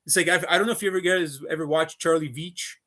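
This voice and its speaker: A man's voice: on the high side, fairly even intonation, fast talker, bright, forceful tone. A man on a live stream, delivering an unscripted, rambling rant full of swearing, who keeps repeating himself and calling his viewers folks. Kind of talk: unscripted ranting monologue.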